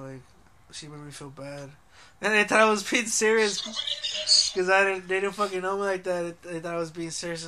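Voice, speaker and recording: A young man talks in a casual, profane way, joking and laughing through his stories. His voice sits high for a man. A faint hiss runs under the recording. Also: steady tone, brisk, bright, forceful tone. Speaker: podcast co-host. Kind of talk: casual chat.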